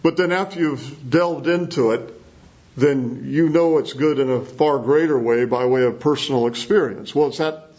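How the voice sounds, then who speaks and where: A man's voice: mid-range voice, moderate pace, darkish tone. A man preaching an expository sermon, emphatic and conversational, often checking in with the congregation. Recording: husky voice, dull lo-fi sound.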